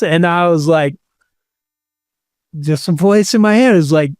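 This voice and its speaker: A man with a fairly high, slightly mellow, clean-toned voice tells a candid story in a casual chat, at an unhurried, drawn-out pace. He swears freely, leans heavily on "like" and laughs mid-sentence. The recording is dry and close, with almost no room sound.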